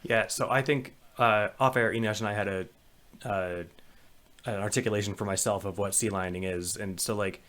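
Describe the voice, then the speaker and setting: A male podcast co-host with a fairly low voice talks things through in a relaxed, conversational way. He reflects aloud as he goes, with easy fillers. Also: moderate pace. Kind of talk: casual podcast discussion.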